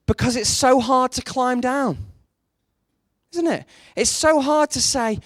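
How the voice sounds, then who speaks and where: A man preaching a sermon, telling a story and leaning on rhetorical questions, his voice jumping up high for emphasis. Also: brisk, no echo, studio quality. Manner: storytelling, animated, rises sharply for emphasis.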